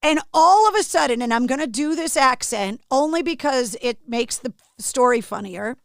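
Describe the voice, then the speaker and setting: A middle-aged woman hosts a podcast and tells a story with animated, vivid energy. Her voice is fairly high. The sound is close and dry. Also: normal speed, no echo. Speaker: podcast host. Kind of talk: casual storytelling chat.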